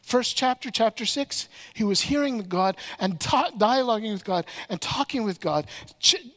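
A man delivers a sermon with animated storytelling, voicing the characters' lines himself. His speech is full of quick restarts and repeated words. The sound carries a long reverberant tail, as in a large hall. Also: high-pitched. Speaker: preacher.

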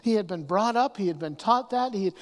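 A man preaching a sermon, often restarting his words and swinging from hushed asides to raised emphasis. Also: sits high, animated, fairly quick. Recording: long hall reverb.

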